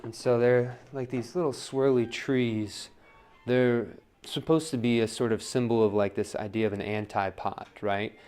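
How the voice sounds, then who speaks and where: A man's voice: medium pitch, steady tone, unhurried, a little mellow, smooth, soft background music. A man demonstrating wheel throwing on a livestream, talking casually, counting his pulls aloud and asking "right?" a lot. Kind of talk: live-streamed pottery demo. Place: pottery studio at the wheel.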